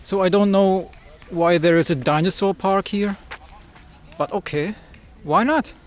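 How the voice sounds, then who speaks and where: A man's voice: high voice, unhurried. A young man from Germany chatting casually as a travel vlogger while walking around, joking and exclaiming at what he sees. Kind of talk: casual walking vlog narration. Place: outdoors in a city park. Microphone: action camera mic.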